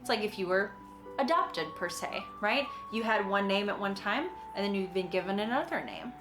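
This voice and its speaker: A woman's voice: mid-range voice, animated, normal speed. Young woman, acting teacher, casual tutorial, chatty explanations, light laughs, roomy echo, faint music underneath. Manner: chatty and explanatory, with frequent little laughs and acted-out quotes.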